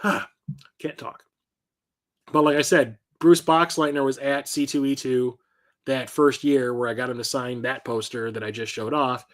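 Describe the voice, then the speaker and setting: A man's voice: mid-range voice, fairly even intonation, unhurried. A middle-aged man hosting a casual show-and-tell vlog about his collection, telling rambling anecdotes full of fillers and self-corrections. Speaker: collector and channel host.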